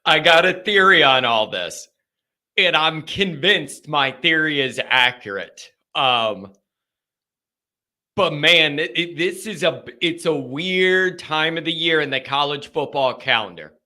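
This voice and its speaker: A man hosting a live call-in show, chatting casually and thinking out loud with many restarts. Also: fairly high pitch, animated, unhurried. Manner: folksy, talks straight to the chat. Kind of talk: casual live-stream chat.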